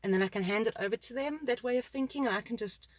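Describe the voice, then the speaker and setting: A woman with a South African accent, a school principal, talking in a relaxed discussion and acting out what children and parents say. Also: on the high side, fast talker, no echo. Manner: animated, acts out children's and parents' voices. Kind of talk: conversational discussion.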